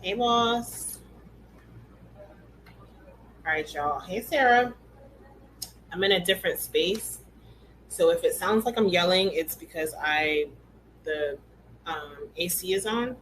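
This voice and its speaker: A woman hosting a hair care class on a live stream, chatting casually and greeting each viewer by name with relaxed slang, speaking from an indoor room. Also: lowish voice, takes it slowly, pauses often, slight background noise, rough recording. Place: indoor room with air conditioning.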